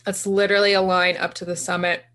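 A woman's voice: fairly low pitch, little pitch movement, fast talker, sharp tone. A woman in her thirties co-hosting a podcast, chatting casually and laughing easily. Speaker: podcast co-host.

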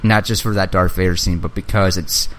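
A young man with a slightly low voice talks in a loose, casual chat, getting carried away with enthusiasm. He swears freely and slips into little impressions of movie characters as he retells scenes. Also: brisk. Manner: excitable fan, swears freely, acts out movie lines.

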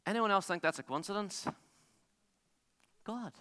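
Pastor with a bright, resonant voice. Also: male voice, medium pitch, fast, smooth. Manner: animated storytelling, self-interrupting with restarts and laughs. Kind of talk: sermon. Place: large theatre used as a church. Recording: long hall reverb.

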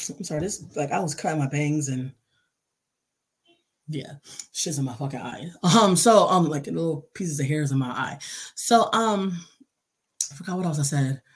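Profane venting woman, husky voice. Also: low voice. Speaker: podcast host. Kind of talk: casual podcast monologue.

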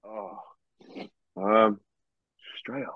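A man's voice: lowish voice, drawn-out words, no echo. A man, a guest musician, chatting casually and loosely, with plenty of slang and swearing. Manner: lively, swears freely, lots of slang. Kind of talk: casual interview chat. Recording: dull, dry recording.

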